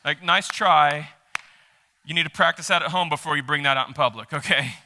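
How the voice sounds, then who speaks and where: A male pastor giving a live sermon in a church, animated and emphatic, joking with the congregation. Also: on the high side, a little fast, slight background noise. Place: church sanctuary during a service.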